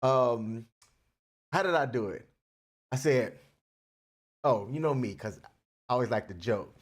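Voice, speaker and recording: A man's voice: medium pitch, animated, measured pace. A young adult man co-hosting a casual relationship podcast, playful and joking, laughing often. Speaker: podcast co-host. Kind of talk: casual chat.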